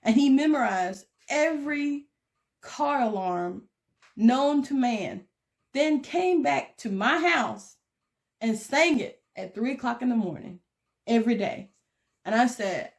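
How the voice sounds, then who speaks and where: A young woman with a Southern US accent, chatting animatedly through a casual storytime while crafting and mimicking beeping sounds in squeaky bursts. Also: lively intonation, measured pace. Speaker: craft vlogger.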